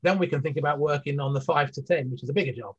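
A man with a husky, slightly rough voice talks through a point as an interview guest. He circles back, restarts and fills gaps with "you know". The audio is dull and muffled. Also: on the high side, racing. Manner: rambling, many restarts and fillers. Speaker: guest, business leader. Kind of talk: conversational interview.

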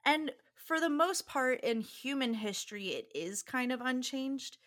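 Bright, lively young woman telling stories. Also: high voice, unhurried. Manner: animated storyteller, laughs often, acts out quoted voices. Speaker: podcast co-host. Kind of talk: casual chat.

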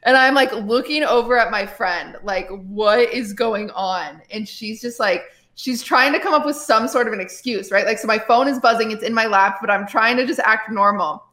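A woman livestreamer tells a personal story in a loose, rambling way, stacking up "like" fillers as she goes. Her voice sits a little high. The room gives her a noticeable echo. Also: brisk, few pauses, bright, forceful tone. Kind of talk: casual storytelling. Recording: roomy echo.

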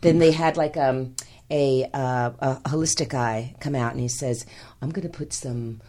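A woman's voice: very deep voice, normal speed, dark tone. An older woman, a guest on a comedy podcast, chatting and telling stories, acting out the people she quotes. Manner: chatty storyteller, acts out quotes. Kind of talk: casual comedic banter.

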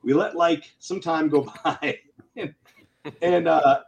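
Animated man telling war stories. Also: on the high side, takes it slowly, vocal fry, rough recording. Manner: animated, laughing, swearing, acting out quotes. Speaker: retired Air Force NCO guest. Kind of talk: casual storytelling among old friends.

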